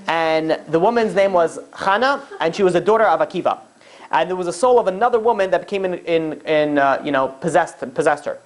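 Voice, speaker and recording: Rambling man telling stories in class. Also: fairly high pitch. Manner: rambling, many fillers and restarts. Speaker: rabbi teaching a class. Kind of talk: casual storytelling lecture.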